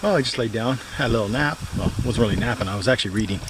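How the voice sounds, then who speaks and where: A man casually chatting to the camera at a campsite in the woods, rambling and repeating himself in a relaxed way. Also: fairly low pitch, very fast. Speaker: outdoor vlogger. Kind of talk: casual solo camping vlog. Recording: outdoor recording with steady background noise.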